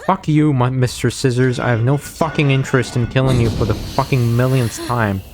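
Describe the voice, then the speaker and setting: This gaming streamer speaks at a moderate pace in a medium-pitched voice with fairly even intonation, against a noisy background. Growing more and more exasperated, he curses nonstop and throws out sarcastic remarks about the game.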